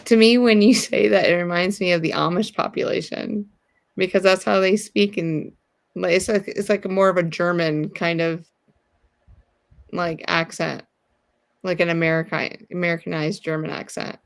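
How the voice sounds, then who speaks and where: A woman's voice: fairly low pitch, fairly even intonation, moderate pace, vocal fry. A woman guesting on a casual livestream, talking in a rambling way with lots of fillers. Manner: talkative, rambling, many fillers like "like". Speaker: guest co-host.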